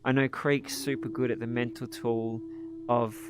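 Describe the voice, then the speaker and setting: A man leading a live group mindfulness session, coaching participants in a gentle, encouraging way over an online call. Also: mid-range voice, little pitch movement, normal speed. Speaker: meditation teacher leading a group.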